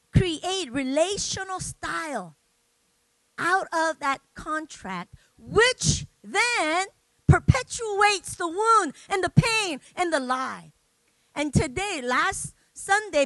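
A woman's voice: very high-pitched, sharp tone, no room sound. A woman preacher giving a conversational sermon, often checking in with the congregation and acting out everyday examples. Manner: conversational preaching, tags "right?", acts out examples.

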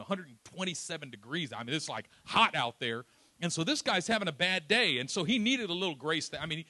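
A man from East Oakland preaching a sermon, telling a personal story with lively acted-out quotes and self-deprecating asides. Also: fairly high pitch. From East Oakland, California. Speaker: pastor.

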